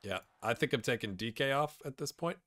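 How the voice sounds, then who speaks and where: A man doing let's play commentary for viewers, with excitable play-by-play that swings from loud outbursts to quiet muttering, and jokes along the way. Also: mid-range voice, a little fast. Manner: jokey, talks to viewers. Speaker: gaming YouTuber.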